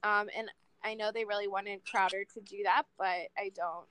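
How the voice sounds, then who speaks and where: A woman's voice: medium pitch, fairly even intonation, normal speed, pushed and bright, smooth. A woman in her late twenties in casual podcast chat, a candid sports fan who swears freely.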